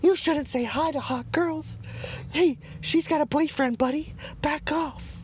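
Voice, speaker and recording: A man putting on the mocking, high-pitched voice of a preachy male bystander who scolds and nags. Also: unhurried, a little hiss or hum. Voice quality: high mocking falsetto-like whine.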